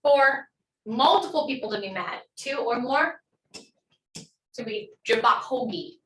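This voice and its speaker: Woman teacher, upbeat, kinda high voice, echoey room, mic a bit far off. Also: animated, unhurried, a bit bright, slight background noise. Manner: upbeat, encouraging, models words for repetition. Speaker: language teacher. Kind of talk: online language class.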